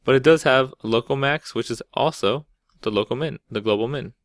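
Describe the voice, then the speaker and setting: With a mid-range voice and a fairly quick pace, this calculus teacher talks through whiteboard problems conversationally, checking in with "right?" and restarting words partway. There's no echo, and the studio sound is clean.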